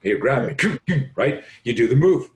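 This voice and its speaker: Hoarse man telling a vivid story. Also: mid-range voice, lively intonation, unhurried, darkish tone, reverberant. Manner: vivid, profane, acts out quoted voices. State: raw, hoarse voice. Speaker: self-defense instructor, podcast guest. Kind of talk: animated storytelling in conversation.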